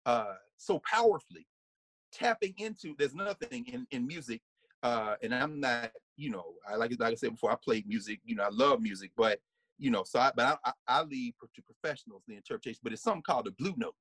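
A man delivers a conversational lecture in a brisk, mid-range voice with a breathy edge, animated and laughing often. He sometimes sings snippets and acts out voices, and the recording is dry.

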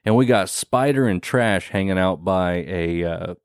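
A man co-hosting a casual podcast, recapping a horror movie with lots of swearing and quick acted-out lines. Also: sits low, clear, resonant tone, dry recording, studio quality. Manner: profane, animated, acts out movie characters in quick bursts. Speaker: podcast co-host.

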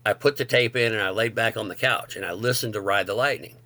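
Excitable man telling a story, bright voice. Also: lowish voice, fast talker, no room sound. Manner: excited, animated storytelling with acted quotes. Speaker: guest. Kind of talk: casual storytelling.

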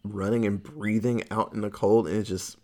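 A man's voice: fairly low pitch, fairly even intonation, normal speed, a crowd in the background. A man recapping a movie in casual chat, rambling and swearing freely. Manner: rambling, profane, storytelling.

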